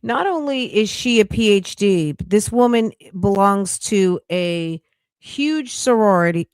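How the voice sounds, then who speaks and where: A woman's voice: medium pitch, animated, measured pace, clear, resonant tone, no echo, clean studio sound. A woman hosting a casual live commentary stream, chatty and incredulous, often laughing. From United States. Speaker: livestream commentary host.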